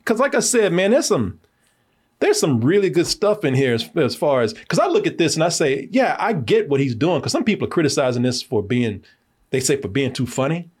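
An american man riffing through a movie review podcast with a slightly husky, somewhat high voice. he gets animated, laughs a lot, swears freely and fills gaps with uh and you know. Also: fairly quick. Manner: animated, laughing, profane, lots of fillers. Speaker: film review podcast host. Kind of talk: casual film review chat.

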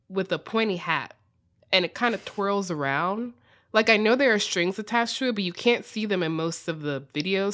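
A woman's voice: on the low side, a bit bright. Chatty American woman hosting a podcast. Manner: chatty, reads listener questions, often says "like". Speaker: podcast host. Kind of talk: casual chat.

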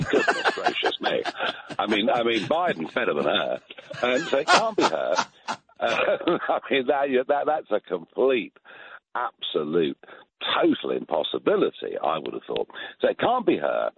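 A man's voice: lowish voice, husky, no echo. A British man in his sixties giving emphatic political opinions in a radio interview, chuckling and repeating words. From England. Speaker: phone-in political guest. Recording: tinny phone line.

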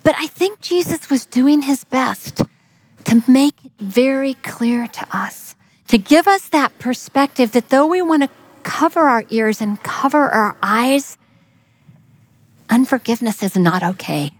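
Expressive woman preacher, slow and lively. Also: sits high. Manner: expressive, drops to a whisper for emphasis. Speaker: speaker giving a devotional message. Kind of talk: sermon storytelling.

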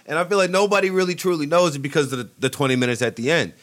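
Man, sports chat, eager, storytelling, slightly high pitch. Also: fairly even intonation, very fast. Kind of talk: casual sports talk.

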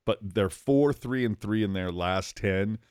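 A man co-hosting a hockey podcast in casual chat, excitable and slangy, calling his co-host "dude". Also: lowish voice, measured pace, smooth, no room sound, clean studio sound.

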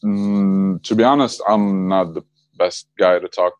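Deep-voiced laid-back young man. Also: a little slow, smooth, no echo, highs cut off. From Egypt. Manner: relaxed, laughs often, slangy. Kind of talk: casual chat.

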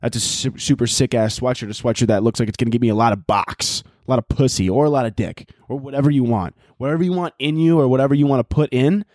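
A man voicing an excited fan who gushes crudely over a sweatshirt. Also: mid-range voice, quick pace, few pauses, no echo, clean studio sound, close to an everyday voice. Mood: hyped.

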